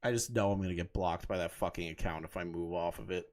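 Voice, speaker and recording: A man's voice: low voice, fast talker, darkish tone. Guy streaming and reacting to clips, swears a lot, gets heated and mocking. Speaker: commentary streamer. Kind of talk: casual live commentary reacting to clips.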